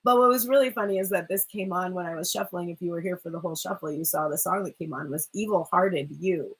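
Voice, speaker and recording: A woman's voice: on the low side, fast, husky, low-quality recording. A woman giving a chatty, rambling tarot reading who swears casually and often laughs. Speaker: tarot reader.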